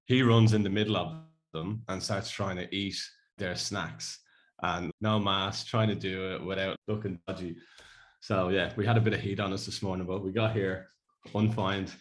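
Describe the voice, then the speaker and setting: A man's voice: low-pitched, steady tone, normal speed. An Irish man in his thirties co-hosting a podcast, chatting casually and telling rambling stories with frequent laughter. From Ireland. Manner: rambling storyteller, laughs often. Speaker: podcast co-host. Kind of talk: casual chat.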